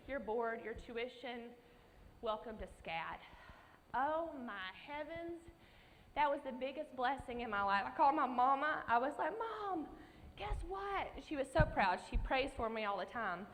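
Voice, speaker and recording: A young woman telling a personal story as a conference speaker, animated and folksy, with frequent ums. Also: fairly high pitch, a little hiss or hum. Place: conference hall. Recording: echoey hall with faint ambience.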